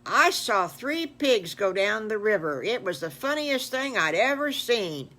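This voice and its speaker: A woman's voice: medium pitch, very animated, unhurried, sharp tone, heavily acted. An older woman voicing a chatty little bird in a spoken children's story. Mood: amused.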